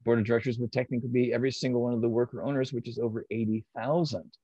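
A man's voice: mid-range voice, fairly even intonation, very fast, dark tone, breathy edge, no room sound. A man speaking as an interview guest, explaining ideas patiently and step by step in a conversational way. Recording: dry, slightly dull audio.

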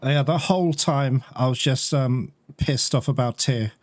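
A man's voice: mid-range voice, unhurried, hardly any pauses. A man commenting on his own gameplay, getting frustrated and swearing at a boss he can't beat. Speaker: let's play gamer.

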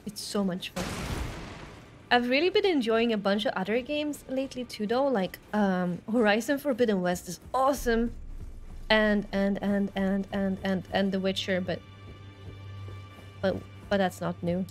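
A woman's voice: mid-range voice, unhurried, soft background music. A woman streaming a game live, chattering nervously and yelping when startled. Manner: excitable, jumps between nervous chatter and yelping. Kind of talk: live gameplay commentary.

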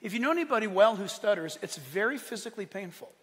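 A male pastor preaching a sermon, animated, swinging from loud exclaiming to quiet asides and laughing often. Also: high-pitched, quick pace. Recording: long hall reverb.

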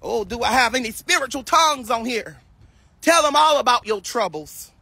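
A woman preacher on a live stream, praying in a slow chant and breaking into speaking in tongues. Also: fairly high pitch, animated, pushed and bright, husky, no room sound. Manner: slow, chanting, repetitive prayer with bursts of tongues. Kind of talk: livestream prayer and speaking in tongues.

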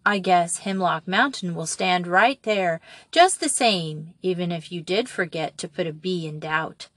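A woman reading a storybook and voicing a brisk, practical young farm woman who speaks in a matter-of-fact way. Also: on the low side, fairly bright tone, no room sound.

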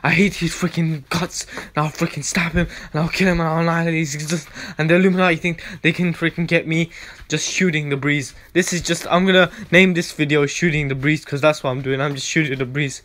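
A man's voice: fairly high pitch, steady tone, fairly quick, a bit bright. Man ranting in a repetitive preachy vlog. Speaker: vlogger. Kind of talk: rambling casual monologue. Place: at home.

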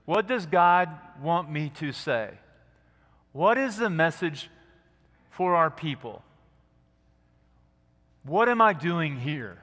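A man preaching a sermon as pastor, earnest and gentle, dropping to a soft hush at quiet moments. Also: a little high, animated, slow pace, long pauses. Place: church sanctuary. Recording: long church hall reverb.

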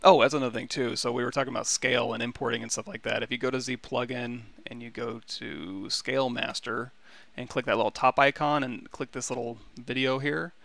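A man giving a relaxed, rambling livestream tutorial on software, with many fillers and restarts. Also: medium pitch, fairly quick, creaky, no echo. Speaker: 3D sculpting instructor.

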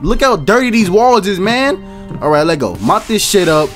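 Animated young man narrating his gameplay. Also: high voice, normal speed, soft background music. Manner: jumpy, slangy, self-talking, bursts into startled shouts. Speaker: gaming YouTuber. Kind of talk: casual horror game commentary.

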